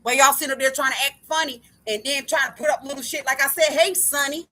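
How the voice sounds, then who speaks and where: Woman vlogger, high bright voice, furious profane rant that keeps circling back on itself. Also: steady tone, quick pace. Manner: angry, profane, keeps repeating "like I said". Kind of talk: ranting monologue to camera.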